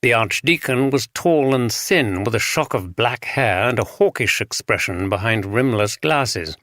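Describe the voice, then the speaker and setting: A man reading a mystery audiobook in a measured, scripted narration. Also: medium pitch, expressive, fairly bright tone, no room sound.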